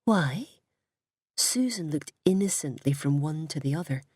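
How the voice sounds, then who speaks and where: Woman reading a story, low husky voice, dead dry sound. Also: lively intonation, normal speed, warm tone, dry recording. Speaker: audiobook reader. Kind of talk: storybook narration.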